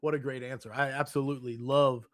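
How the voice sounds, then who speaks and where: A man's voice: medium pitch, flat delivery, fast. A man hosting a podcast, enthusiastic and casual, reading out listener questions while getting over an illness. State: recovering from illness. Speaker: podcast host.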